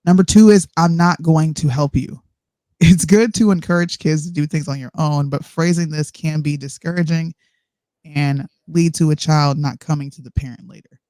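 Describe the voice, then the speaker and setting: A woman's voice: low-pitched, steady tone, moderate pace, dark tone, no room sound. A woman co-hosting a casual live-stream chat, bluntly and sarcastically reacting to parenting advice she reads aloud. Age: adult parent. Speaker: co-host. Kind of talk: casual chat, reading from an article.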